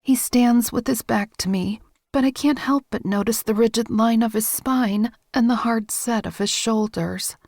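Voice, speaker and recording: A woman narrating a romance audiobook in first person, with a steady, intimate, measured reading. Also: a little high, no echo, clean studio sound.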